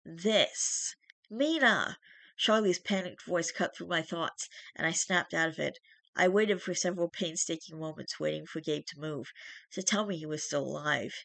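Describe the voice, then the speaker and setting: A streamer reading a first-person horror story aloud in steady narration, with small restarts. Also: mid-range voice, normal speed, gravelly, no echo.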